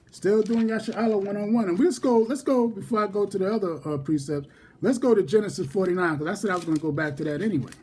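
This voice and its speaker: Husky man leading a Bible study. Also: sits high, darkish tone. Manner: repeats verse references, reads scripture slowly and deliberately. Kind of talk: casual scripture study.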